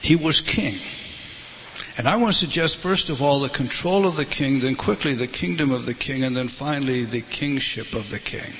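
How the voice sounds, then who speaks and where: A man preaching a sermon, impassioned, swelling to loud emphasis and dropping low again. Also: moderate pace, a little hiss or hum. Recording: large hall reverb, faint ambience.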